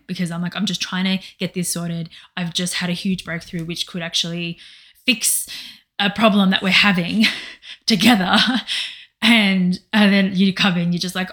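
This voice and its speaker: A woman's voice: fairly low pitch, steady tone, normal speed, a bit bright. A woman co-hosting a podcast in casual personal chat, rambling and emotional, often quoting herself. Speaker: podcast co-host.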